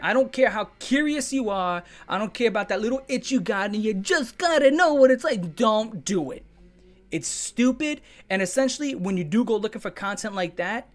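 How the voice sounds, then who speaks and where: Blunt, profane man giving commentary. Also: sits high. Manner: blunt, profane, emphatic warnings; repeats lines for emphasis. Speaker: online video commentator. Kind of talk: explainer commentary monologue.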